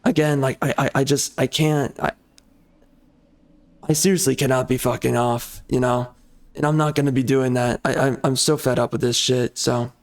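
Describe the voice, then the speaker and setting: A man hosting a gaming channel, venting in an angry, profane rant with halting restarts and frequent swearing. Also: medium pitch, steady tone. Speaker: gaming channel host and author. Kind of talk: frustrated rant over gameplay.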